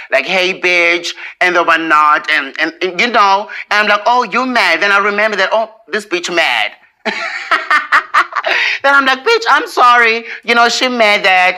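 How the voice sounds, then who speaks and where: Bright-voiced man telling gossipy profane tale. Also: high voice, clean tone, rough recording. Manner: gossipy, profane storytelling with bursts of laughter. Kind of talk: recounting a personal story.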